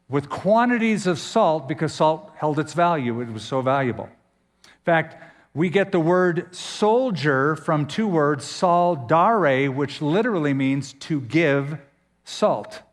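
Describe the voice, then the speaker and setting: A man preaching a sermon as pastor, emphatic, with dramatic pauses and sudden swings in pitch. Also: in a large hall.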